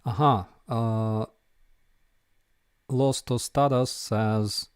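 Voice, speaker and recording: Give me an unhurried man with a Ukrainian accent answering viewers' questions, hesitant and full of fillers. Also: medium pitch, fairly even intonation, clear, resonant tone, dry recording, clean studio sound. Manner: hesitant, many fillers and restarts. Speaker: host of live viewer Q&A. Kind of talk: casual live-stream Q&A.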